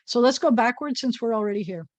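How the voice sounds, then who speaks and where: A woman's voice: fairly high pitch, lively intonation, fast talker, darkish tone, no room sound. A woman rabbi giving an informal Hebrew reading lesson, patiently sounding out letters and syllables with a playful touch.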